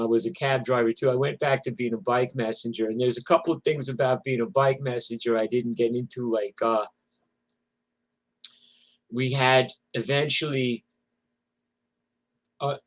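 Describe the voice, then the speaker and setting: A middle-aged man, spinning casual stories from his working days. He curses constantly and rambles through restarts and fillers, at a middle pitch. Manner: profane, rambling, lots of fillers. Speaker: storyteller. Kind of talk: casual personal storytelling.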